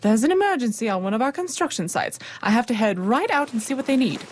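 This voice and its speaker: A woman playing a vain, bossy company manager in an audio drama, brisk and self-important. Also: fairly high pitch, lively intonation, a little mellow, a little hiss or hum, lightly acted.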